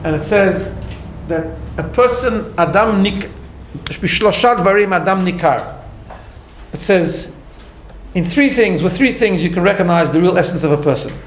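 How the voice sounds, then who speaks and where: A man with a fairly high voice is teaching a class. He talks in an earnest, patient way and keeps checking in with his listeners. The sound carries a noticeable room echo. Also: lively intonation, moderate pace, slight background noise. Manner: earnest, explains step by step, tags lines with "right?". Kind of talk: recorded class lecture.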